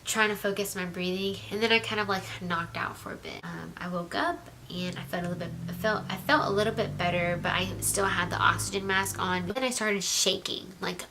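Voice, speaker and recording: A young woman telling a personal story in a chatty vlog style, full of "like" fillers and slipping into a soft whisper. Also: mid-range voice, brisk, few pauses, noisy background. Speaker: vlogger.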